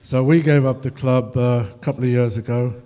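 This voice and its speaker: A man's voice: medium pitch, steady tone, a little fast, mellow, clean tone. An older man telling rambling, humorous stories to an audience, with many fillers. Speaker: ragtime musician speaking at a festival. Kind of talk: anecdotal talk to an audience.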